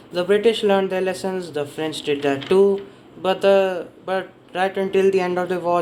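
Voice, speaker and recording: A book reviewer with a slightly high voice gives a casual spoken summary of a history book, rambling and often correcting himself as he stumbles over names and dates. The recording is low quality, with a bit of hiss or hum.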